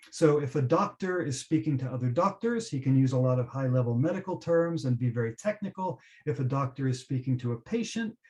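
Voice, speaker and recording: A man giving a teacher-training webinar, explaining pronunciation and slowly modelling example words. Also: fairly high pitch, darkish tone. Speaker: webinar presenter.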